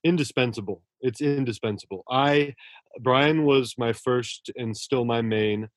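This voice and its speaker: A man being interviewed as a writer, talking earnestly and warmly about his mentors, often restarting his sentences. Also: mid-range voice, unhurried, dry recording. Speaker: author guest. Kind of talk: casual interview talk.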